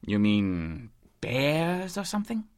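An actor playing a pompous, fussy English gentleman explorer with an English accent. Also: medium pitch, huge pitch swings, slow, smooth. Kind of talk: audio drama acting.

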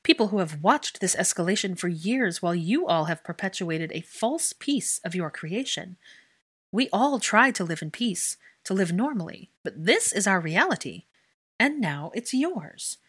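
A woman voicing a sharp-tongued, defiant young witch in a storybook reading, speaking crisply and forcefully. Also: medium pitch, very animated, moderate pace, pitched above the performer's own voice.

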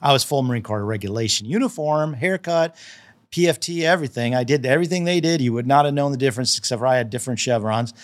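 A man's voice: medium pitch, quick pace. A man casually telling stories in a podcast interview, acting out the dialogue with frequent restarts. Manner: animated, acts out dialogue in the stories; repeats and restarts often. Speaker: land specialist.

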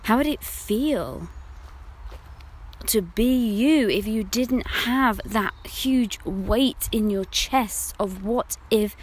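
A woman hosting a reflective monologue, speaking intimately and deliberately, often sinking to a soft whisper. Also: on the high side, slightly rough. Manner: slow, deliberate phrasing with pauses. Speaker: podcast host.

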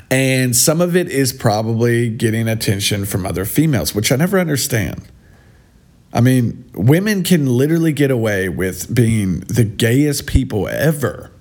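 Man, sarcastic commentary, scornful, swooping animated pitch. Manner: mocking, scornful, drawn-out delivery. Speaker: vlogger.

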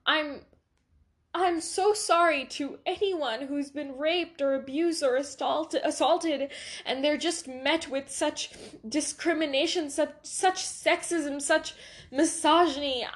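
A woman's voice: sits high, takes it slowly. A young woman hosting a podcast, talking earnestly and apologetically while crying in an emotional monologue. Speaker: podcast host.

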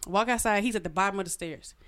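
A woman telling a personal story in casual chat, animated and frank, swearing freely. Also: racing, clear, resonant tone. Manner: animated, swoops her voice high when reenacting.

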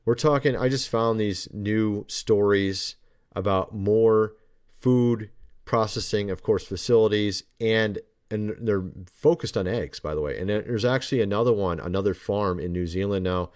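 On his own podcast, a man delivers a casual commentary monologue, rambling loosely and often turning sarcastic. His voice is lowish and a little mellow, at a normal speed.

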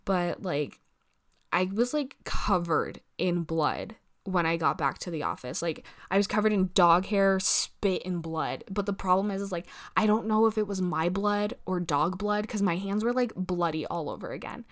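A woman's voice: on the low side, lively intonation, normal speed. A young woman telling a long story in casual chat, rambling, saying "like" constantly, swearing and acting out what other people said. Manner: rambling, peppered with "like" and swearing, acts out quoted people. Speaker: vlogger.

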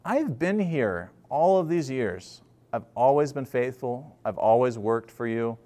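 A young man, the older brother, protests with bitter exasperation and feels wronged, voiced by a male preacher in a higher voice. His complaints come out indignant and pleading, tinged with resentment. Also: animated, measured pace, dark tone, lightly acted.

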